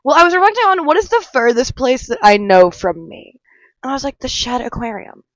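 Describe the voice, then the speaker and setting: A woman's voice: high-pitched, animated, a little fast, no echo, highs cut off. Chatty young woman vlogger, dry close sound. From Chicago. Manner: rambling, emphatic, repeats herself. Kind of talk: casual vlog monologue. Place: aquarium visit, handheld vlog.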